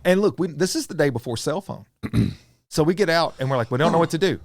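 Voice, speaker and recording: A man's voice: a little high, fast, dry recording, clean studio sound. A middle-aged man with a Southern US accent, a podcast guest telling a story with animation and acting out the voices of others. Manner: animated, acts out voices of friends and strangers. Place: podcast studio.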